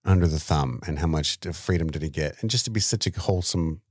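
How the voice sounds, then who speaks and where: A man co-hosting a movie podcast, quick with jokes and quips. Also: very deep voice, darkish tone, slightly rough, no echo, studio quality. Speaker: podcast co-host. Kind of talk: casual movie review chat.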